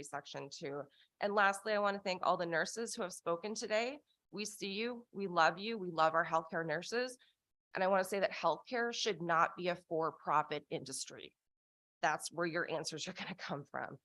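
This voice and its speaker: A woman's voice: on the low side, a bit bright, dry recording. A woman from Canada giving impassioned public testimony at a hearing over a video call. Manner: earnest, impassioned, slows for emphasis.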